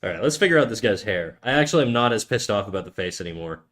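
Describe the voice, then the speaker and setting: A man's voice: lowish voice, lively intonation, rapid-fire, a bit bright. A man from Canada, streaming while he draws and chatting casually in crude, joking banter full of swearing. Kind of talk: casual live-stream chat while drawing.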